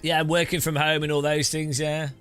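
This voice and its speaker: A man's voice: on the high side, flat delivery, moderate pace, a bit bright, smooth. A man rambling casually while streaming a racing game, often restarting his sentences and chuckling. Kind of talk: casual gameplay commentary.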